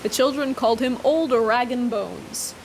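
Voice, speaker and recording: A woman's voice: fairly high pitch, measured pace, gravelly, darkish tone, a little hiss or hum. Chatty woman reading aloud. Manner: chatty, enthusiastic asides. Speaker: book vlogger. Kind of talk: reading aloud with casual commentary.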